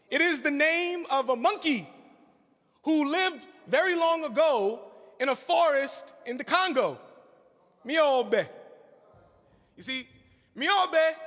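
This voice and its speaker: With an extremely high-pitched, sharp voice, a man who co-hosts a radio show stirs up a fundraiser crowd in a church hall. He tells a story live using call-and-response, and the room's reverb fills the recording.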